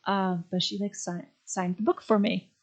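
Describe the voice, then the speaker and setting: Excitable woman with a gravelly voice. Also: medium pitch, normal speed. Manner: chatty, excitable storyteller. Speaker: podcast guest. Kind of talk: casual chat.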